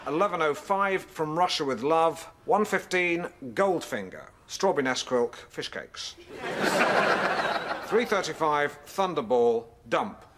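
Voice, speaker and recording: Pompous radio host Alan Partridge. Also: male voice, on the high side, animated, slow, very noisy. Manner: pompous, fumbling, self-correcting. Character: pompous, awkward middle-aged male local radio host. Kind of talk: comedy radio show banter.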